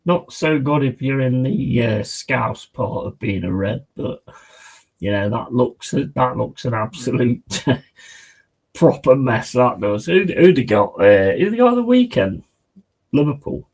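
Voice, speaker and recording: A man hosts a live football watch-along, talking in a loose, slangy, excitable way and calling his viewers mate. His voice sits at a middle pitch for a man. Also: slow, slightly rough, rough recording. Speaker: football fan streamer.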